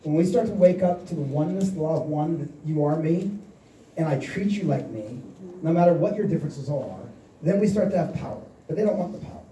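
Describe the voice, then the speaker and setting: With a slightly high, dark voice, a man in his forties delivers a brisk, animated motivational seminar, telling stories and voicing the quoted dialogue. The echoey hall and distant mic add a little hiss or hum.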